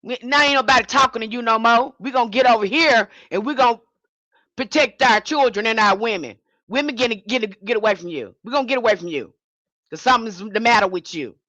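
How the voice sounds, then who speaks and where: A woman's voice: on the high side, a little fast, bright, forceful tone, no room sound, lo-fi sound. A woman giving an impassioned livestream sermon as a spiritual teacher, speaking in a fiery, confrontational way and repeating her points.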